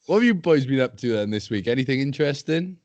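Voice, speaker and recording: A man's voice: medium pitch, lively intonation, fast talker, a little mellow, lo-fi sound. A man co-hosting a podcast, talking bluntly and mockingly in crude casual banter and laughing often. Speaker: podcast co-host. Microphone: live stream call.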